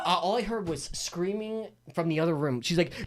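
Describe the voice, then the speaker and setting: A man's voice: sits high, fairly quick, hardly any pauses. A young man telling a wild story as an interview guest, acting out the voices of the people in it. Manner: animated storyteller, acts out voices, laughs. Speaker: guest, MMA fighter and announcer.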